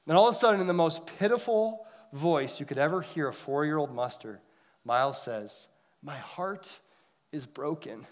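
A pastor in his thirties delivers a sermon in a chatty, storytelling way, often checking in with his listeners. His voice sits a little high for a man, and he swings from bright, raised moments down to hushed, quiet phrases. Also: fairly quick. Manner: storytelling, conversational with the congregation; dynamic, swings between loud and hushed.

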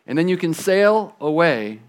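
A man doing a gentle, loving apple tree. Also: on the high side, big pitch swings, a little slow. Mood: offering. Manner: eager and coaxing, sinking to soft sorrow. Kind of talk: children's storybook read-aloud.

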